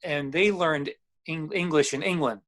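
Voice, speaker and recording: A man's voice: on the high side, measured pace, a bit bright. A man speaking as a guest on a casual panel discussion, easygoing and explanatory.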